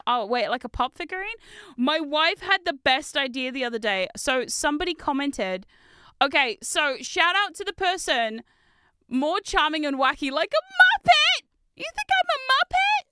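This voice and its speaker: A high, bright woman's voice, giggly and excitable, chatting with her livestream viewers while she builds Lego. Her tone is smooth and crisp, and she swears readily when a piece slips away. The sound is close and dry. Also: dry recording. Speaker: VTuber streamer.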